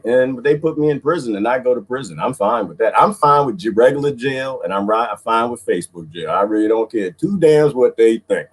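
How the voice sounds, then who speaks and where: Husky, lively man chatting on a livestream. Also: medium pitch. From Washington, D.C. area. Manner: animated, shifts voices, playful greetings. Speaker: livestream host reading viewer comments. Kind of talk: casual livestream chat.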